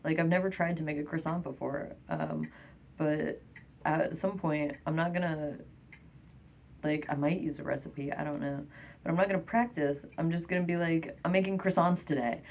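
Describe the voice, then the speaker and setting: A young woman talks straight to camera in a loose, rambling vlog monologue. She giggles nervously through her sentences and keeps reaching for fillers. Her voice sits a little low for a woman. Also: lively intonation, moderate pace, darkish tone, a little hiss or hum. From France.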